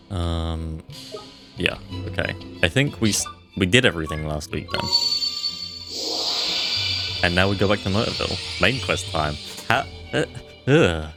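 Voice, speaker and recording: A man's voice: low voice, animated, measured pace, creaky, long pauses, over music. A man streaming a game live, chatting casually and thinking aloud as he plays. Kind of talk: casual live gameplay commentary.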